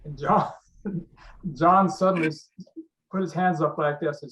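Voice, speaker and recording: A man's voice: a little high, fairly even intonation, unhurried, long pauses, fairly bright tone, distant mic. A man telling stories as a webinar guest over a video call, laughing as he goes and often restarting his sentences. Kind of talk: casual storytelling. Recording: dull lo-fi audio.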